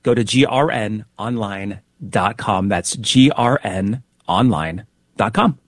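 A man hosting a radio fundraising appeal, speaking briskly and repeating the call-in details. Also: fairly low pitch, no echo. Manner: brisk, repeats phone numbers. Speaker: radio host.

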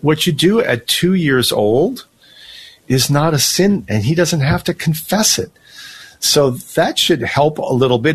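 A man hosting a radio show, giving calm, explanatory advice to a caller. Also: mid-range voice, slightly rough. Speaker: host.

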